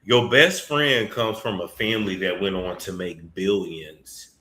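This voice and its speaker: A man hosting celebrity gossip commentary, talking in a profane, mocking way with sudden bursts of shouting. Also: low-pitched, a little slow. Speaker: commentary host. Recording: echoey room.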